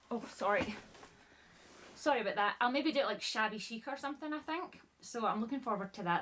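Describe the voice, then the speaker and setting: A woman chatting casually through a haul video, a little out of breath, rambling and apologizing often, filling her sentences with "like". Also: mid-range voice. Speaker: haul vlogger. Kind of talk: casual chat showing items.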